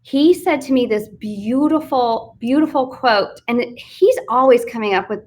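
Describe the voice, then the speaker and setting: A woman's voice: on the high side, a little slow, slight background noise. Chatty, candid woman telling a story. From Fort Worth, Texas. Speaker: author and business coach guest. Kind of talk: casual storytelling interview. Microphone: live online video stream.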